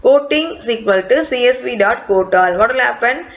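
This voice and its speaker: A woman's voice: fairly high pitch, expressive, moderate pace. A woman teacher, explaining a lesson step by step and repeating key points. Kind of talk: recorded online class lecture. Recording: dull lo-fi recording.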